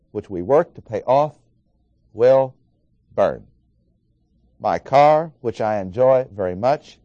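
A man preaching an expository sermon, working through verses and stressing key words with slow, dramatic pauses. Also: mid-range voice, warm tone, no room sound, dull audio.

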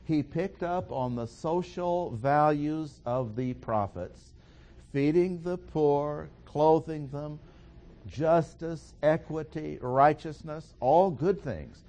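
A man teaching a sermon in a slow, deliberate, emphatic way with pauses. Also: on the high side, dark tone. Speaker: preacher.

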